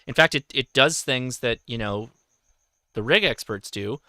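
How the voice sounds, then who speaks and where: A man hosting a casual livestream, talking in a halting way and often correcting himself. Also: mid-range voice, sharp tone, no echo, studio quality. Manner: halting, self-correcting, reads viewer questions aloud. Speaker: host.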